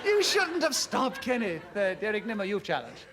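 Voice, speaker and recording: A man hosting a radio panel game, brisk and genial, often laughing as he speaks. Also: high-pitched, sing-song, fairly bright tone. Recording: hissy old radio recording.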